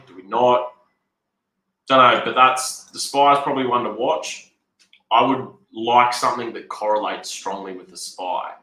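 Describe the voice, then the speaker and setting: A man's voice: on the low side, pushed and bright, echoey room, low-quality recording. A man rambling through casual, unscripted market commentary as a trader, swearing a lot and sounding frustrated. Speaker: trader talking through his charts.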